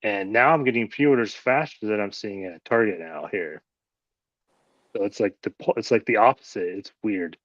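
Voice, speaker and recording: A man's voice: lowish voice, normal speed, a bit bright, no echo. A man hosting a casual chat, rambling and swearing freely. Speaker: host. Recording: dull lo-fi audio.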